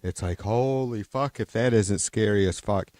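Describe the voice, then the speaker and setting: Streamer, male, low and dry, profane rambling chat, unscripted. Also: normal speed, darkish tone, no room sound. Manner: rambling and profane, with many restarts and trailing-off sentences. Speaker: livestream host.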